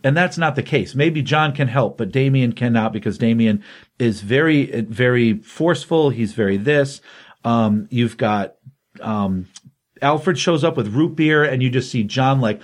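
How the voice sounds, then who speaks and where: A man hosting a comics podcast and retelling a comic book story in a loose, conversational way, dipping in and out of quoted lines. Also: mid-range voice. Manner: animated storytelling with quick voiced quotes.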